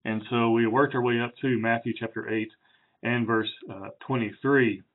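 A man preaching through a Bible passage in a relaxed, chatty way, with fillers and self-corrections. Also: mid-range voice, normal speed. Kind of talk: conversational Bible teaching. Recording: tinny phone-like sound.

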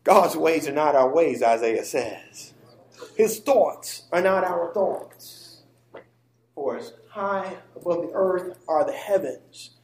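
A man preaching a sermon in a church, emphatic, moving from quiet asides to near-shouting. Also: a little high, expressive, takes it slowly, a little hiss or hum. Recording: roomy echo.

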